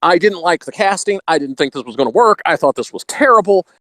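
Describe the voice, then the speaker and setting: A chatty man with a Texan accent talks as a podcast guest, his voice sitting a little high for a man. He laughs between thoughts and keeps a slight radio polish on his delivery. The sound is dry and close, with no room around it. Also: animated, fast, a bit bright, no echo. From Texas. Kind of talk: casual podcast chat.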